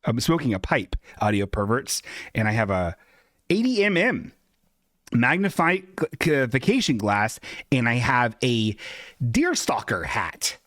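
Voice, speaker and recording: A man's voice: mid-range voice, very animated, slow pace, fairly bright tone, no room sound, clean studio sound. A man hosting a casual solo podcast, rambling and self-deprecating and swearing freely. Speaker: podcast host. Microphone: desk microphone.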